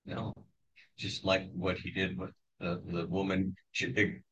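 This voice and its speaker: A man's voice: low voice, monotone, takes it slowly, background noise. A man in a Bible study group, chiming in with brief remarks during a casual discussion. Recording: dull lo-fi recording.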